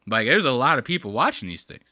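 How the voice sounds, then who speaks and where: Crude, mocking male host, very bright lively voice, dry sound. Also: mid-range voice, fast talker, dry recording. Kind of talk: casual video commentary.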